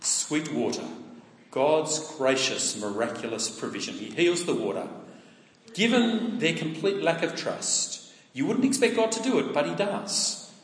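Speaking unhurriedly in an expressive, fairly high voice, a man gives a conversational sermon full of rhetorical questions for his audience. The hall is echoey, with long reverb.

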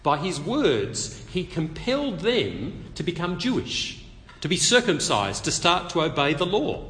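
At a measured pace, a preacher explains his text in an expository sermon to a public meeting, keeping it conversational, animated and lightly humorous. His voice sits a little high with wide pitch swings, and the hall's long reverb follows every phrase.

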